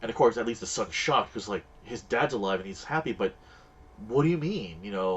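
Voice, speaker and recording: A man's voice: on the low side, expressive, quick pace, breathy edge, muffled recording. Rambling man streaming a game. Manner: rambling storyteller, acts out quoted voices. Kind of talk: casual chat while gaming.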